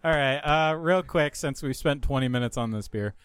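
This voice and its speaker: A man's voice: medium pitch, noisy background. A man hosting a casual beer-tasting chat among friends, teasing and swearing freely. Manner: teasing, profane, quick interjections. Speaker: podcast host.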